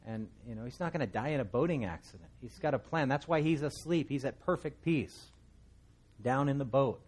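Middle-aged male pastor, slightly husky, easygoing and rambling, paints vivid scenes. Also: medium pitch, fairly quick. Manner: relaxed, rambling, vivid storytelling asides. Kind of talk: conversational Bible teaching.

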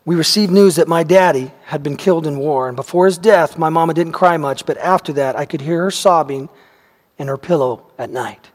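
A man reading the part of an elderly farm woman who gently recalls a day from her childhood, in homely words. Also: fairly high pitch, fairly quick, lightly acted. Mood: tender recollection. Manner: gentle storytelling, homely phrasing. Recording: long hall reverb.

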